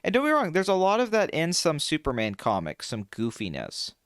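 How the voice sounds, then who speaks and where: A young man co-hosting a casual chat, animated and swearing freely, his pitch jumping when he gets excited. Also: brisk, dry recording, studio quality. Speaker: podcast co-host.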